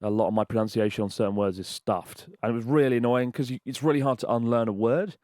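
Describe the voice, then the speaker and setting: A man's voice: medium pitch, fast talker, dry recording, studio quality. A British man in his thirties co-hosting a podcast, telling stories with acted-out voices and plenty of swearing. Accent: British English. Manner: animated storyteller who acts out voices and swears freely. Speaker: podcast co-host. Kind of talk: casual banter.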